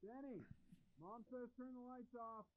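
An actor playing a quiet, resigned father in a story game. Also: very high voice, a little slow, phone-quality sound.

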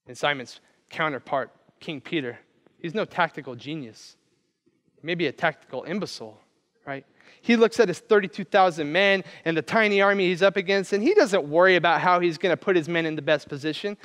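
A male pastor preaching a sermon, telling a story with animated energy and briefly acting out the people he quotes. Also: sits high, fairly quick, in a large hall. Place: church.

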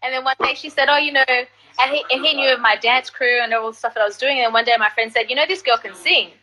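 A woman singer telling stories in an animated, casual way during an interview. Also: sits high, quick pace, low-quality recording. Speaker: singer and guest artist.

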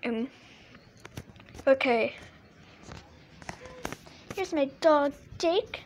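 A woman's voice: sits high, animated, drawn-out words, background noise. A female vlogger chatting casually to camera about her toy collection, rambling with lots of fillers and restarts.

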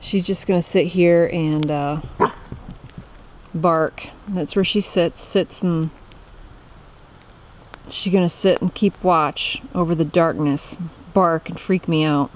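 A woman's voice: on the low side, fairly even intonation, takes it slowly, pauses often, rough recording. A woman chatting casually as she vlogs from her off-grid tent camp in the woods, often talking fondly to her dog. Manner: chatty, talks to her dog in a soft fond voice. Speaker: vlogger. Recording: background music over the voice.

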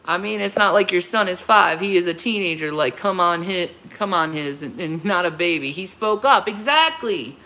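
A woman's voice: fairly low pitch, normal speed, hardly any pauses, bright, forceful tone. A woman in her thirties hosting a livestream, answering her critics in a heated, confrontational rant and often repeating herself. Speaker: livestream host.

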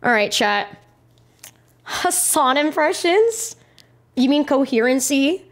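A woman's voice: high-pitched, slow. Giggly young woman streamer. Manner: giggly, excitable, swears freely. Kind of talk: casual live-stream chat.

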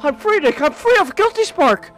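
A male streamer giving casual, excitable gaming commentary, stammering and exclaiming often. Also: extremely high pitch, normal speed, soft background music.

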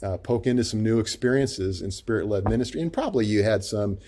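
Low, mellow male guest; gentle, reflective pastor type, halting delivery. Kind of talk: interview conversation.

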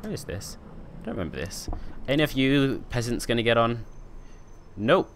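A man's voice: on the low side, very animated, moderate pace, a little hiss or hum. Chatty guy streaming a game. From United Kingdom. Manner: chatty, joking, talks to chat. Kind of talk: casual gameplay commentary.

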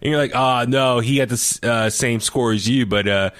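A man hosting a casual podcast chat, telling his stories in an animated, talkative way. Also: mid-range voice, normal speed, no room sound, clean studio sound. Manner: animated, chatty storytelling. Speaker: podcast host.

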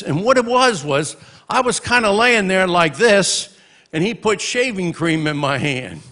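Older guy, 60s, minister doing a eulogy at a church, kinda high voice, tells funny stories and throws in hallelujahs. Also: animated, moderate pace, bright, forceful tone. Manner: storytelling, punctuated with exclamations of praise. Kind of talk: memorial tribute speech with humorous anecdotes. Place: church memorial service.

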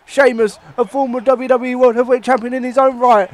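Young man from Ireland, very high voice, excitable and sweary, game commentary. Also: brisk. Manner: excitable, swearing, mock ring-announcer bursts. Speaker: gaming commentator.

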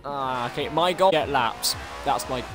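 A man excitedly commentating his own racing game play, breaking into strings of repeated exclamations. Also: mid-range voice, unhurried. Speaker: gaming streamer. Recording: game music behind.

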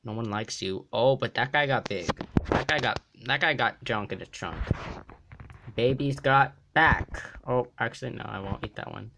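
A young man giving excited gameplay commentary, jumping between mumbling and sudden yelps and shrieks. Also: mid-range voice, normal speed, gravelly, noisy background. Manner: jumpy, yelps and shrieks when threatened. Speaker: gaming YouTuber.

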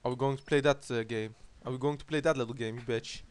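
A man's voice: mid-range voice, fairly even intonation, quick pace, smooth. A man with a Dutch accent giving crude, joking commentary while playing a video game, swearing often. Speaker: let's play commentator. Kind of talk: casual gameplay commentary.

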